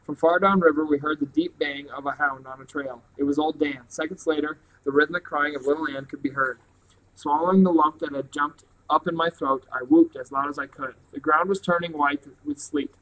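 A man reading a novel aloud at a plain, steady pace. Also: on the high side, brisk, rough recording. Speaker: reader.

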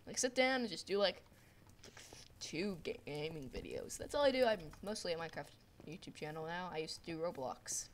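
A teenage girl at home giving rambling, excitable commentary over her gameplay on a desktop mic, full of "like" fillers. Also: on the low side, brisk, slight background noise. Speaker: gaming video creator. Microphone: desktop microphone.

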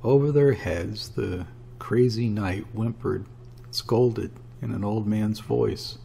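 A man narrating an audiobook of a classic short story. His voice is low and gravelly with a husky edge, and his storytelling is steady and even. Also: slow pace.

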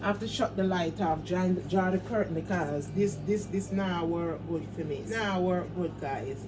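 A woman's voice: lowish voice, normal speed, noisy background. A woman hosting a casual livestream, talking in a fervent, repetitive, preacher-like way and pleading with her viewers. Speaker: livestream host.

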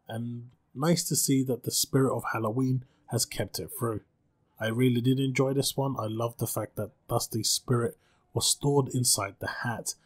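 A man narrates a spooky short story in a calm, measured way. His voice sits at an ordinary pitch with a husky texture. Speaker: storyteller and channel host.

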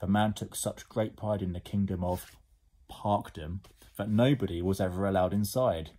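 Male reader, husky, lively, lower voice, school story time. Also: moderate pace. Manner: expressive, animated. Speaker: teacher. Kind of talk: storybook reading aloud.

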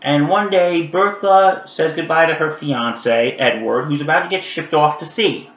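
A man reviewing an old animated holiday special in a casual vlog, chatty and animated with lots of fillers, talking straight to his viewers. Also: a little high, moderate pace. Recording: roomy, dull lo-fi sound.

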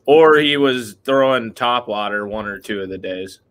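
A man's voice: fairly low pitch, moderate pace, a bit bright. A man co-hosting a podcast in a loose, rambling chat, leaning heavily on "like" and "dude". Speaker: podcast co-host. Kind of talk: casual fishing chat.

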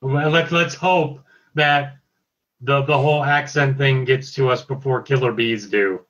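A man's voice: mid-range voice, steady tone, measured pace, fairly bright tone. A man hosting a casual review chat, recapping scenes in a loose, filler-heavy way. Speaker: host reviewing a cartoon episode. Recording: dull lo-fi audio.

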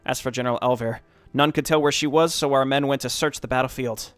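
A man's voice: medium pitch, fairly even intonation, quick pace, smooth, no echo, faint music behind, natural voice. A man reading game dialogue as a dutiful royal messenger, giving a formal, respectful report. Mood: solemn.

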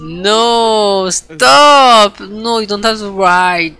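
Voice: medium pitch, extremely slow. Eine Person im Voice-Chat, die beim Spielen aufgeregt ausruft und flucht. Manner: excitable, exclaiming and swearing. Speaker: co-player in voice chat. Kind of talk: casual gaming chat.

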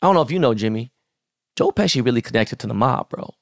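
Middle-aged podcast guy, swears a lot, gets animated telling stories, dry close sound. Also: medium pitch, fast, dry recording. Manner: profane, animated storytelling. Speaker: podcast co-host. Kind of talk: casual podcast chat.

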